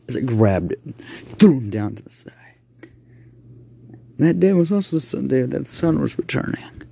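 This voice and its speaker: A man telling an improvised horror story in a halting way, with slips and restarts. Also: mid-range voice, very animated, vocal fry, dark tone, breathy edge.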